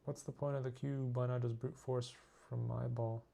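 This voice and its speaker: A man's voice: mid-range voice, little pitch movement, normal speed, gravelly, warm tone. A tired man drawing late at night, naming each part in terse single words and making self-mocking asides to himself. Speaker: artist drawing on camera. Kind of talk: casual talk to himself while drawing.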